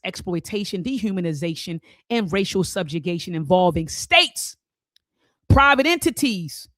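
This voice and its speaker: A woman's voice: medium pitch, dry recording, clean studio sound. A woman hosting a talk show, reading a document aloud and stressing key words, with casual asides to her viewers.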